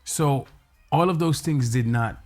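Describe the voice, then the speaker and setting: A man's voice: medium pitch, measured pace, a little mellow, soft background music. A man with a Haitian accent, co-hosting a casual talk show and acting out his own reactions as he tells a story. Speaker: co-host. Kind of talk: casual chat. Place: New York.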